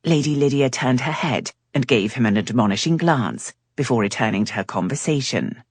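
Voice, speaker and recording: Woman audiobook narrator, deep husky tone, animated delivery. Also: normal speed, dry recording. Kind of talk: scripted romance narration.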